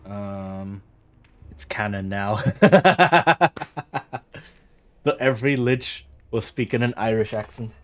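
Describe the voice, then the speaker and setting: A man commenting casually on a game he is playing. His voice sits low and he thinks aloud, circling back on himself as he works through a point. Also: takes it slowly, long pauses. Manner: thinks aloud, rambling with fillers and restarts. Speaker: streamer.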